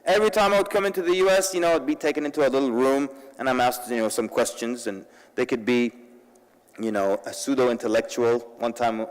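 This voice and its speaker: A man's voice: mid-range voice, fairly quick. Man preaching in a reverberant hall. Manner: lively storytelling with humorous asides; addresses the audience directly and urgently. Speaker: convention speaker. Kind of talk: sermon-style public talk. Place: large convention hall. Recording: long reverb in a large hall.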